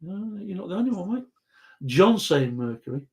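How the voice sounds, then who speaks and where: A man's voice: sits high, big pitch swings, normal speed, a little mellow. A British man hosting a casual live chat quiz, joking and reading out viewer comments. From Britain. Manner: jokey, reads viewer comments aloud. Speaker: host.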